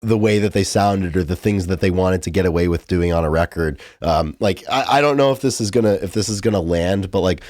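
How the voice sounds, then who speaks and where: A man with a very low voice co-hosts a relaxed music podcast. He talks in loose, rambling runs full of "like" and "um". The sound is dry and close to the mic. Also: a little fast, hardly any pauses, dry recording. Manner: rambling, filler-heavy, enthusiastic. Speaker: podcast co-host. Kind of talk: casual music podcast chat.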